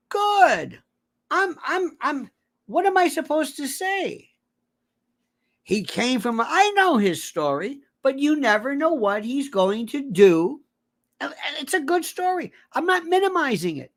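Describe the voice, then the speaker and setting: Animated man ranting in a theatrical monologue. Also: very high-pitched. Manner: digressive, theatrical, mimics voices, self-correcting. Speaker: commentator. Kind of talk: animated political commentary monologue.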